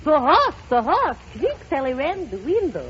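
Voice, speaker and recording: A woman's voice: high-pitched, wildly swooping pitch, moderate pace, highs cut off. A woman playing a flirty, dramatic French empress in a put-on French accent, with a sing-song theatrical delivery in a 1930s radio comedy sketch. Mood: coy, theatrical. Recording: scratchy 1930s radio broadcast with studio audience.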